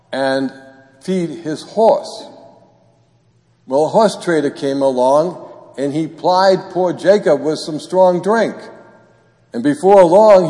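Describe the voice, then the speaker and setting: A male priest reading the gospel and preaching a homily in a church, telling an old tale in a slow, deliberate way. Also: on the high side, mellow. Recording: long church reverb.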